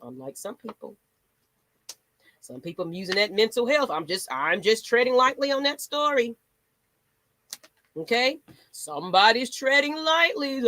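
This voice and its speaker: A woman's voice: a little high, expressive, unhurried, long pauses, pushed and bright, dry recording. A woman hosting a fan channel, ranting in a sassy, dramatic way. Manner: sassy, dramatic, rants with mock voices. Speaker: sports channel host. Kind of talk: animated fan commentary.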